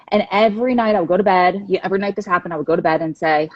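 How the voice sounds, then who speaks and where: A woman's voice: lowish voice, very fast, few pauses, no echo, highs cut off. A woman in her thirties, a support group founder, candidly telling her personal story in a livestream interview.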